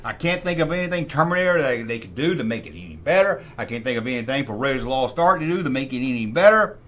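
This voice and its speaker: Animated middle-aged man hosting a livestream. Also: mid-range voice, quick pace. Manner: animated, opinionated, talks to himself while deciding. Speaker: host. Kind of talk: casual livestream chat.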